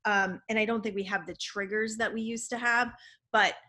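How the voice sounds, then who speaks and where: A woman's voice: mid-range voice, steady tone, moderate pace, pushed and bright. A woman co-hosting a casual chat, enthusiastic and affirming, talking about releasing energy. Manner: enthusiastic, affirming, spiritual talk. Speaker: co-host.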